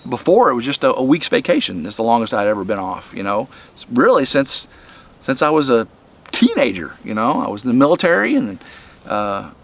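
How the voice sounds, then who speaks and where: A middle-aged man, talking to the camera outdoors in the wind in a halting, rambling way, a little chest-congested. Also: mid-range voice, very animated, creaky, a bit bright. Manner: rambling, halting, many restarts. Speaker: vlog host. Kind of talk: casual rambling vlog.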